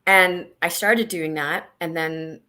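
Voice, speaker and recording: A woman guest on a video-call interview, talking candidly and haltingly about a hard personal time, with many restarts. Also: fairly low pitch. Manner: halting, many restarts, animated when reliving moments. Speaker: guest, senior leader.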